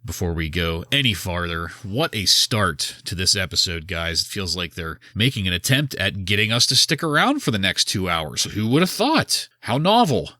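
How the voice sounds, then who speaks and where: A man's voice: sits low, lively intonation, normal speed, hardly any pauses, pushed and bright, dry recording, studio quality. A man hosting a wrestling podcast, recapping an old episode in a wry, sarcastic casual style. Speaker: podcast host.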